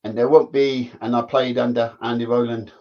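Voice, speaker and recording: A man's voice: mid-range voice, level tone, normal speed. A man, a former footballer telling stories in casual chat, rambling and repeating himself. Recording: dull lo-fi sound.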